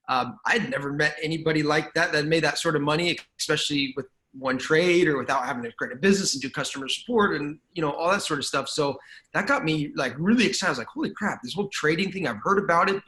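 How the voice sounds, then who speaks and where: A man with a slightly raised speaking pitch tells stories in a relaxed interview. He talks casually and acts out his own past reactions as he goes. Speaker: guest, trading bot founder.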